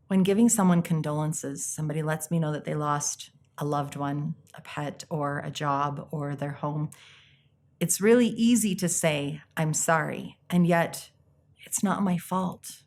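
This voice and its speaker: A woman life coach giving an earnest, reflective self-help talk, pausing often and acting out little quotes. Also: fairly low pitch. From United States.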